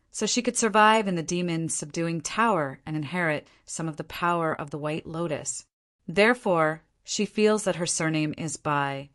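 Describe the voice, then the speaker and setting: A woman narrating a fantasy audiobook in a steady, even reading voice. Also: sits low. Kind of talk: scripted narration.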